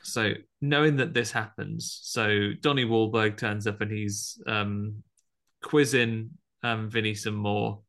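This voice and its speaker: Gravelly, bright-voiced man recapping a film. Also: lowish voice, fairly even intonation, slow pace. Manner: chatty, acts out quoted lines with bursts of voices. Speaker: podcast co-host. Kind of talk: casual chat recapping a film.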